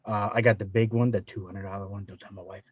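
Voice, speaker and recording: A man's voice: on the low side, little pitch movement, quick pace. A man on a gaming podcast, boasting and joking. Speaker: podcast co-host. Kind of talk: casual chat. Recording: dull, lo-fi, dry.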